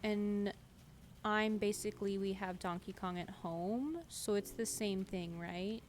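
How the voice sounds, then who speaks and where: A woman's voice: medium pitch, steady tone, measured pace, slight background noise. A young woman chatting casually on a gaming stream, giggly and reading chat aloud. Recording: game music clearly heard behind. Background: game music.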